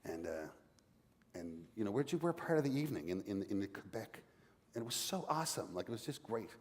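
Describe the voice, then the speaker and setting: A man's voice: lowish voice, big pitch swings, a little fast, darkish tone, big-room sound. A man from Newfoundland, Canada, with a Newfoundland accent, telling a playful story on stage as an author guest at a library event.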